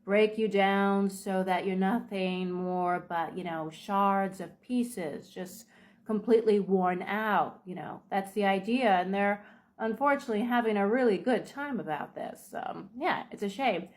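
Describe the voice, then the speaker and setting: A woman talking in a casual advice vlog, unhurried, with frequent ums and restarts. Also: medium pitch. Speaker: video creator.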